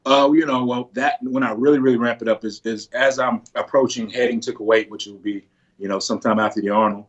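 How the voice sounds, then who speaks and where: A man answering interview questions over a video call, relaxed and halting, with frequent restarts. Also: medium pitch, dull audio. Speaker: pro bodybuilder guest on a video call.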